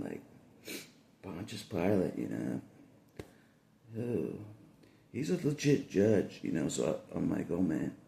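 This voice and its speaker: A man's voice: very deep voice, vocal fry, mellow, reverberant, a little hiss or hum. A man talking in a rambling casual monologue, laughing often and repeating himself.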